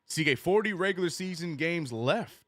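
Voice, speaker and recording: A man streaming a live basketball watch-along, calling plays and reading chat with animated, joking frustration. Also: a little high, moderate pace. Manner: animated, joking, reads chat messages aloud; frustrated fan venting and cursing.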